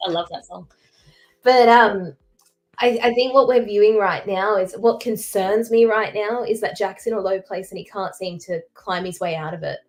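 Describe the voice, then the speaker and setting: A young woman from Derry with a Northern Irish accent, co-hosting a casual podcast chat with opinionated, quick analysis. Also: mid-range voice. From Northern Ireland. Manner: opinionated, fast analytical talk with fillers. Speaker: co-host.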